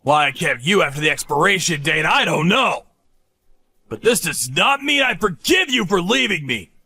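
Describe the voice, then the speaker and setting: A man's voice: high-pitched, sing-song, normal speed, bright, forceful tone, slightly rough, full character voice. A man voicing a cruel, contemptuous middle-aged ex-husband who taunts his former wife. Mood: scornful.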